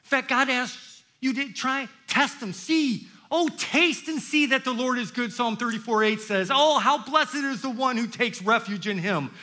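An older man preaching a sermon in church, intense, swinging from loud exclamations to hushed, quiet passages. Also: very high voice, moderate pace, few pauses. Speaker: pastor.

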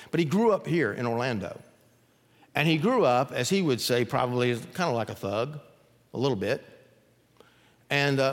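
A pastor delivers a sermon in a church sanctuary, his medium-pitched voice carrying the long reverb of the hall. He tells stories with animation, acting out the voices of the people in them.

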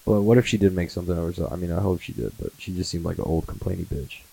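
A man's voice: sits low, very fast, gravelly, warm tone, breathy edge, poor audio. A man in his twenties on a casual comedy monologue, swearing a lot, laughing often and slipping into mocking impressions. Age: 20s. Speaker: comedy podcast host.

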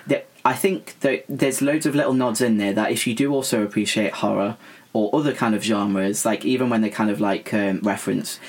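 A man's voice: fairly low pitch, brisk. A young man co-hosting a podcast, chatting casually about films and rambling with fillers and restarts. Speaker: podcast co-host. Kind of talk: casual film chat.

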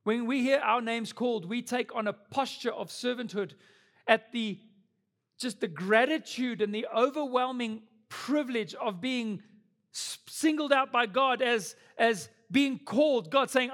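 A man's voice: very high-pitched, measured pace, a bit bright. A young adult man preaching a sermon as pastor, earnest and building to emphatic peaks.

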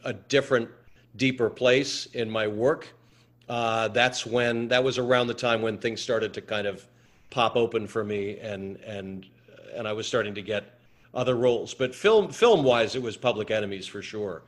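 A man, an actor being interviewed, telling stories in a halting way with many repeated words. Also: on the low side. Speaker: actor guest. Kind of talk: anecdotal interview chat.

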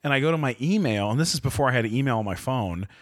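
A man in his thirties hosts a comedy podcast, rambling through a story with lots of swearing and animated asides. His voice sits at an everyday mid pitch and sounds dry and close. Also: quick pace, no echo. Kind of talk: casual comic storytelling.

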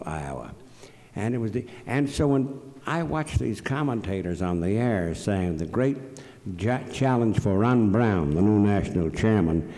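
Emphatic man storyteller, lively dark voice. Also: on the low side. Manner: acts out quoted voices, emphatic rhetorical questions. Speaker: speaker answering questions at a public forum. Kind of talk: animated storytelling and opinion. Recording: long hall reverb.

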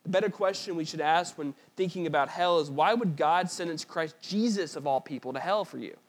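Earnest high-voiced male preacher. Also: brisk. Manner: earnest, emphatic preaching with slips and restarts. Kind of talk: sermon with a read-aloud story passage.

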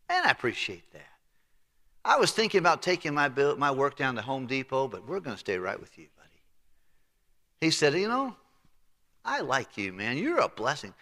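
A man's voice: medium pitch, sing-song, fairly quick, pushed and bright, in a large hall. A man preaching a sermon as pastor, telling the story in a folksy way and acting out the voices of its characters. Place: church sanctuary.

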